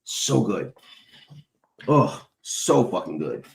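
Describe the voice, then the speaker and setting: Rambling, animated man chatting casually. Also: lowish voice, takes it slowly, gravelly. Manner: rambling, profane, lots of fillers. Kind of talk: casual chat.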